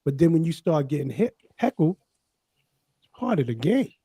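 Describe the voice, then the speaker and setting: A man with a slightly raised but mellow voice lays things out in a matter-of-fact way. He asks questions in casual podcast chat, and the sound is dry. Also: fairly high pitch, big pitch swings, moderate pace, slightly rough, no room sound. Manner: matter-of-fact, explaining plainly.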